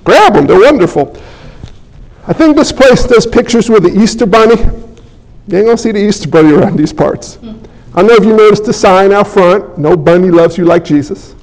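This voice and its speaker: A man's voice: high-pitched, expressive, normal speed, a little mellow, low-quality recording. A man preaching a sermon as pastor, emphatic and folksy, asking the congregation rhetorical questions.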